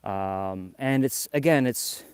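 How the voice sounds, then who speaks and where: A man's voice: medium pitch, slow pace, smooth, no room sound. A man from New York hosting a casual live vlog outdoors in the snow, chatty and a little out of breath as he walks. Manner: rambling, chatty, talks to viewers. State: slightly out of breath. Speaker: livestream host.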